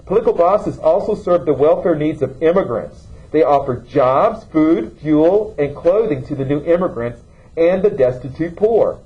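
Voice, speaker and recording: A man's voice: fairly high pitch, lively intonation, normal speed, muffled recording. A man teaching a classroom lesson, asking students questions and checking in with "okay?". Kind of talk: classroom lecture.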